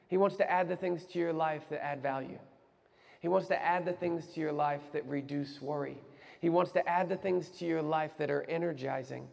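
A man preaching a sermon as pastor, animated and conversational with bits of humor. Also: on the high side, vocal fry, big-room sound.

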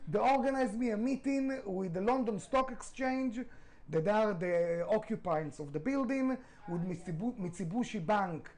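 A man's voice: sits high, expressive, moderate pace, darkish tone, rough recording. A middle-aged man, a restaurant founder, telling his story in a podcast interview, emphatic, swearing freely, with non-native grammar.

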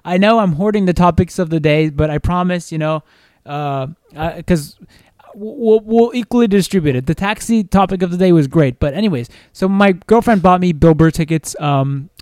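A young man on a podcast telling a long, animated story in casual chat, swearing freely and restarting his sentences often. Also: on the high side, smooth, no echo, studio quality. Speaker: podcast co-host.

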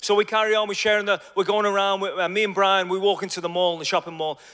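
A man in his forties preaches with a high, bright voice, telling stories in a lively way. He swings from quiet asides to loud bursts. His voice rings out in a long, echoing hall. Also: fast talker, clean tone. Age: 40s. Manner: animated, swings from hushed asides to loud exclamations. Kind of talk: storytelling sermon.

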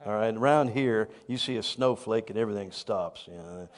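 A man who pastors a church, telling a story in a sermon with animated, self-deprecating humor. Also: fairly low pitch, fairly quick, big-room sound.

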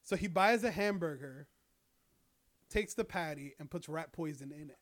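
A man's voice: a little high, normal speed. Rambling young man swearing casually. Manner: rambling, profane, lots of fillers. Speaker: storyteller. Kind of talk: casual chat.

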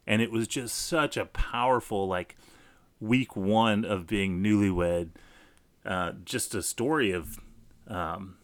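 Deep-voiced man telling a story. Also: slow pace, no echo. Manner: animated, with many restarts. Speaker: guest storyteller. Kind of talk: casual storytelling.

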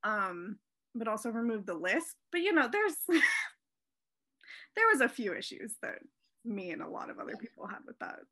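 Brief: young female co-host, sharp bright voice, chatty and rambling. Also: fairly high pitch, animated, moderate pace, pauses often. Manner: rambling, full of "like" and "um" tangents. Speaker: podcast co-host. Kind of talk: casual chat about musical theater.

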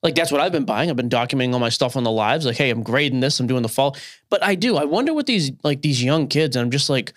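A man's voice: mid-range voice, animated, fast. A man in his thirties co-hosting a podcast, ranting and opinionated in casual chat. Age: 30s. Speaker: podcast co-host.

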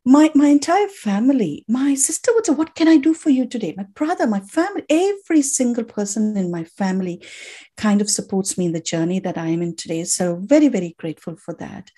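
Woman, native tamil speaker, podcast guest, husky voice, mellow and warm, emotional, heartfelt, restarts sentences. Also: on the high side, expressive, a little fast. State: emotional, near tears. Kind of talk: emotional personal storytelling.

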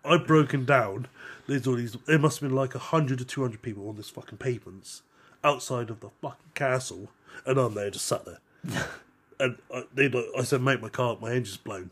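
A man with a husky, slightly rough voice, co-hosting a casual podcast chat. He tells his stories in an animated way, swears freely and laughs in the middle of his lines. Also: mid-range voice, moderate pace. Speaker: podcast co-host.

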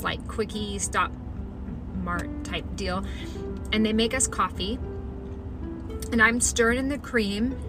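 A middle-aged woman telling a personal story in a chatty, animated way, acting out the voices of the people in it. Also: mid-range voice. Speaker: storyteller recounting her own experience. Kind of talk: casual spoken storytelling.

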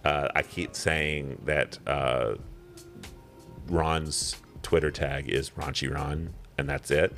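A man's voice: very deep voice, fairly even intonation, slow, gravelly, a bit bright, soft background music. A man in his thirties co-hosting a podcast, chatting casually and rambling off on tangents with chuckles. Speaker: podcast co-host.

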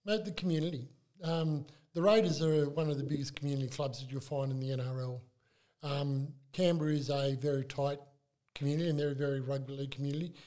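Older Australian bloke, mellow and a touch high, halting chatty guest storyteller. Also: male voice. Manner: animated, halting storyteller with many restarts. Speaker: club mascot performer, guest. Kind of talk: casual interview chat.

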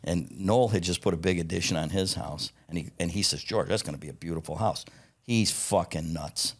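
Blunt, profane man with a husky low voice. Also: brisk. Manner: blunt, profane, laughs while telling stories. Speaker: guest, parts company founder. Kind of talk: casual storytelling interview.

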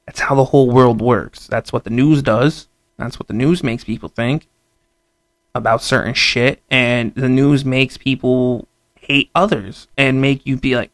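A man's voice: mid-range voice, steady tone, measured pace, no echo. A young man giving an emphatic, profanity-filled rant to camera, stammering and repeating himself. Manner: profane, repetitive, emphatic ranting; stammering restarts. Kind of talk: casual vlog rant.

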